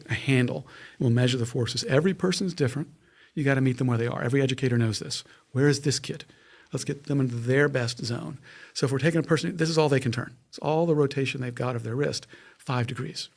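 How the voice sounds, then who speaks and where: A man with a gravelly, mid-range voice talks through a medical device in a relaxed interview. He explains with enthusiasm, restarting sentences and reaching for homely analogies. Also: medium pitch. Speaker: neuroscientist guest. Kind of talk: casual explanatory interview talk.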